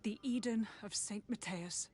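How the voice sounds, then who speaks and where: A woman's voice: mid-range voice, measured pace, dark tone, a little hiss or hum, natural voice. A woman playing an earnest fleeing scholar. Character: fleeing female scholar pleading for refuge. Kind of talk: video game dialogue.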